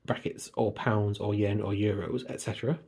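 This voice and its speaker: Man, low husky voice, chatty, digressive, self-mocking book vlogger at home. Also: fairly even intonation, moderate pace, a little mellow. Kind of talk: casual chat. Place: at home by a computer.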